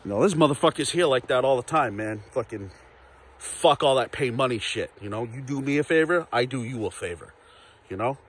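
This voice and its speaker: A man's voice: mid-range voice, animated, a little fast, slight background noise. A man ranting casually to camera in a vlog, profane, rambling and repetitive. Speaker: vlogger.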